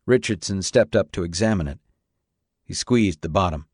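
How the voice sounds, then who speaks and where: A man narrating a novel in a steady, even storytelling manner. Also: deep voice, normal speed, slightly rough, no room sound, clean studio sound. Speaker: audiobook narrator. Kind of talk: scripted narration.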